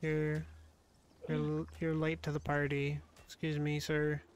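A male streamer chatting casually while playing a game, quick to laugh and talking to his viewers. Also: fairly high pitch, monotone, clear, resonant tone. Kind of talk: casual gaming stream chat.

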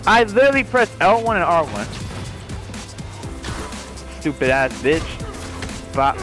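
A young man commenting on his own gameplay, excitable and shouting curses at the game. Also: on the high side, measured pace. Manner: excitable, profane outbursts and yelling at the game. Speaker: gaming YouTuber. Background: game music.

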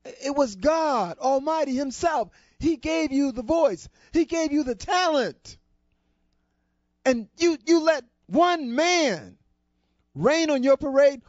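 Guy putting on a high-voiced church grandma, emphatic and firm, dull dry lo-fi sound. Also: expressive, takes it slowly, no room sound, full character voice. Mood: indignant. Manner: emphatic, scolding then encouraging.

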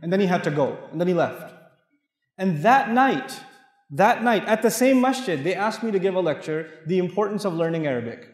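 A high-pitched man from Pakistan preaches to a crowd in a large mosque hall. He tells lively stories and plays out the dialogue himself. His voice rings through a roomy space with a long trailing reverb. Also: a little fast. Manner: animated storyteller who acts out dialogue and jokes with the crowd. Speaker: Islamic lecturer. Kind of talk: mosque lecture with personal stories.

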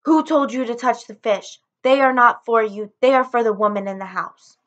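A woman doing a stern, yelling father. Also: on the high side, normal speed, highs cut off, natural voice. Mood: angry. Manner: harsh, scolding. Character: angry stern father yelling at his son.

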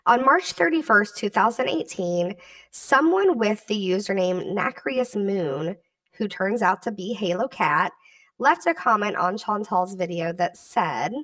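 A woman's voice: mid-range voice, animated, fairly bright tone, no room sound. Dry, slightly distant woman narrator. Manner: measured, reads out comments and dates. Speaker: commentary channel narrator. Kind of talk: scripted commentary narration.

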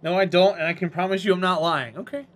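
This high-voiced man speaks fast with fairly even intonation. He has a North Carolina Southern accent and keeps up playful, teasing chatter with his viewers as he live-streams gameplay.

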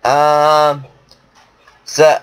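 A man's voice: on the high side, monotone, very slow. Offhand, joking sick male gamer. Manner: offhand, joking, bossy with his friend. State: sick, coughing. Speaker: channel host. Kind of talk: casual gaming chat.

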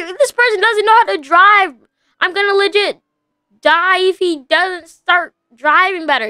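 High bright young woman gaming host. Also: no room sound, studio quality. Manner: breathless, frequent exclamations. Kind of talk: excited game commentary.

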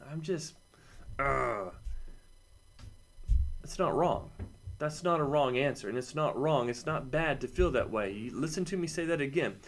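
A man, a parent, giving an encouraging lesson to children at a camp, speaking straight to them in an upbeat, warm-hearted way. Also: medium pitch. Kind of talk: friendly lesson to kids.

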